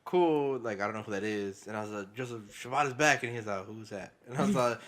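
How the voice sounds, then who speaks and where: A man co-hosting a casual wrestling podcast, retelling events excitably, acting out quotes and swearing often. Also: on the low side, fast, hardly any pauses. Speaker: podcast co-host. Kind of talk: casual chat.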